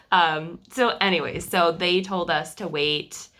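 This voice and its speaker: A woman's voice: on the low side, measured pace, fairly bright tone. A young adult woman telling her family's story to camera in a casual, chatty way, with frequent fillers and restarts.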